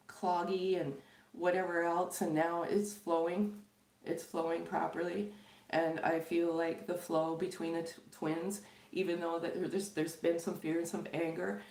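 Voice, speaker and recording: A middle-aged woman from Canada, a tarot reader chatting casually and loosely to her viewers, with many fillers and frequent laughs. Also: on the low side. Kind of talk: casual spiritual chat to viewers. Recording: echoey room.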